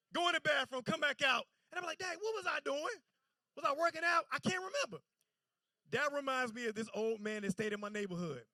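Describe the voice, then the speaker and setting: A man's voice: extremely high pitch, sharp tone, no room sound. A man doing a stand-up set on a comedy club stage, telling stories loosely with stammering restarts.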